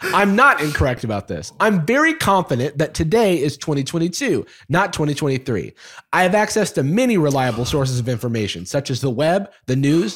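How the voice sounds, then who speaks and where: A man's voice: on the high side, fairly bright tone. A man reading aloud as a stubborn, passive-aggressive male chatbot that insists politely and firmly. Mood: insistent. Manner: polite phrasing with mounting insistence, read aloud. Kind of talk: dramatic reading of a chat log.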